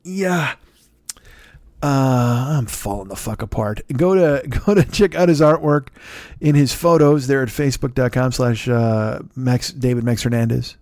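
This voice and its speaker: A tired man in his forties hosting a comedy podcast, rambling through shout-outs with yawns, swearing and self-mockery. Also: medium pitch, moderate pace, no room sound, studio quality. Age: 40s. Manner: rambling, profane, self-mocking, sleepy. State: tired and yawning. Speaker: podcast host. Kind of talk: solo comedy podcast plug segment.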